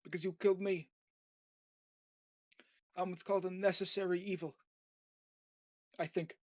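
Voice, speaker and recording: A man voicing an aging, menacing mafia boss in a gruff mock-gangster drawl, recorded on a dull lo-fi setup. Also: high-pitched, flat delivery, normal speed, no room sound, close to an everyday voice. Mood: rambling. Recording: dull lo-fi dry home recording.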